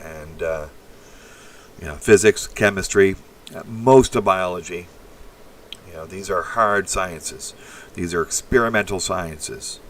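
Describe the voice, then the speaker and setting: A blunt, crude man from Canada chats loosely on a livestream, rambling through his reactions to the chat. His voice sits on the low side and comes from a little away from the mic. A faint hiss hangs behind him, with keyboard typing. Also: a little slow, distant mic. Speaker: livestream host. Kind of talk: casual live-stream chat.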